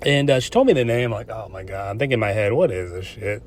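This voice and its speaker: A man's voice: mid-range voice, rapid-fire. A man who calls himself an old man, hosting a podcast and ranting in a profane, rambling way, often restarting his sentences. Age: older. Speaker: podcast host. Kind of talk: casual solo podcast rant.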